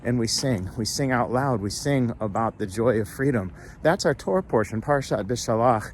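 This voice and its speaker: A man's voice: medium pitch, animated, normal speed, a little hiss or hum. A man who is a rabbi giving a casual, folksy video message. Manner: chatty, folksy, breaks into song.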